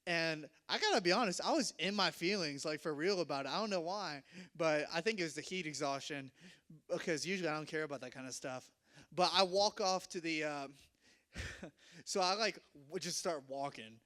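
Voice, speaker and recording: A young man telling a self-mocking story to an audience, animated and laughing often. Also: sits high, moderate pace, clean tone.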